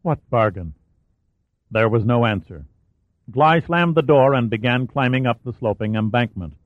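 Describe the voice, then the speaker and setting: A man reads a thriller aloud in a steady, dramatic narrating voice of middle pitch. The sound is dry and close, squeezed into a narrow, phone-like band. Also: moderate pace, dry recording. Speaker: audiobook narrator.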